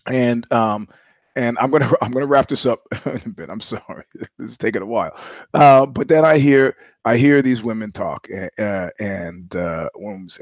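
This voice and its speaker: A man's voice: on the low side, moderate pace, no room sound, dull audio. A man hosting a podcast, telling a long, digressive story with profanity, chuckling as he goes. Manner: digressive, profane, laughs mid-sentence. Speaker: podcast host. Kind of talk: rambling storytelling monologue.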